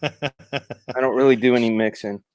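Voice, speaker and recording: A man's voice: medium pitch, steady tone, unhurried, no echo. A man from the United States, a guest on a casual live chat over a video call, enthusiastic and jokey.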